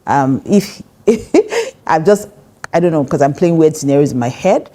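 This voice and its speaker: A woman's voice: low voice, animated, measured pace, mellow. A middle-aged woman pastor with a Nigerian English accent giving a conversational marriage teaching, direct and emphatic, laughing often.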